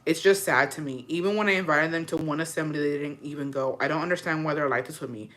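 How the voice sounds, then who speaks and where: A woman with a bright, forward voice hosts a casual advice chat, reading listener letters aloud. She answers them frankly in loose slang, swears freely and calls the listener "bestie". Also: low-pitched, quick pace. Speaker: podcast host giving advice.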